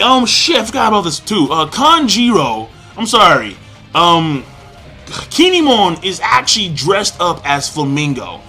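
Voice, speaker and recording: A young man giving a fired-up, profane, rambling manga review with shouted outbursts. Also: high voice, very animated, measured pace, husky, soft background music. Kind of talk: ranting commentary.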